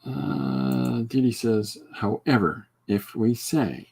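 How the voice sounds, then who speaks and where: A man's voice: lowish voice, very slow, vocal fry, few pauses, darkish tone, slight background noise. A man hosting a podcast livestream, chatting casually and joking with viewers while he draws. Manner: rambling, joking, reacting to chat. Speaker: podcast host.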